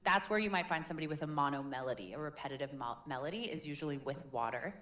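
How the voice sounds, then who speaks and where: A woman coaching public speaking in a live workshop, energetic and playful, demonstrating different voices. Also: sits low, very fast. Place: workshop room with audience.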